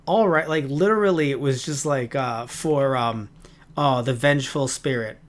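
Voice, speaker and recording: A man co-hosting a casual review podcast, talking in an animated, rambling way with quick asides. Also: mid-range voice. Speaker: podcast co-host. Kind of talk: casual chat.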